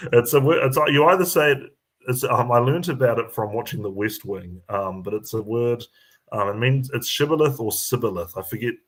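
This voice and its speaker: A man with a New Zealand accent chatting casually, halting with many fillers and restarts. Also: mid-range voice. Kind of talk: casual chat.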